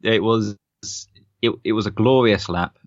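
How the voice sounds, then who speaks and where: A man's voice: lowish voice, measured pace, no echo, dull audio. A man co-hosting a podcast, chatting casually and laughing often. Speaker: podcast co-host. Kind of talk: casual chat.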